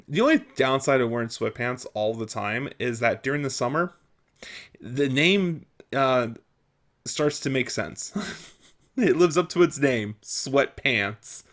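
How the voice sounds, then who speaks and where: A man's voice: mid-range voice, takes it slowly, fairly bright tone. A young man venting in a casual vlog, exasperated and self-mocking, often laughing at his own frustration. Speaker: vlogger.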